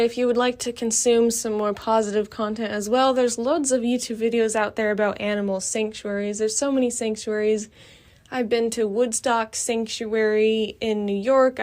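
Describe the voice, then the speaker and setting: A young adult podcast host with a medium-pitched, darkish voice delivers a casual monologue outside near a building. She's blunt and passionate, rambling along and filling her speech with fillers.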